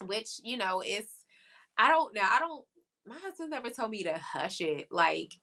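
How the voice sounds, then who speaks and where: A woman's voice: mid-range voice, big pitch swings, normal speed, pushed and bright. Chatty woman co-host, lots of laughs. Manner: chatty, laughs often, many fillers and restarts. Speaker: podcast co-host. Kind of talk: casual chat reviewing a reality show.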